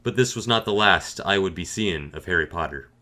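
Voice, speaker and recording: A man telling a comedic gaming story in a dry, deadpan, matter-of-fact way. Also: low voice, fairly quick, a crowd in the background.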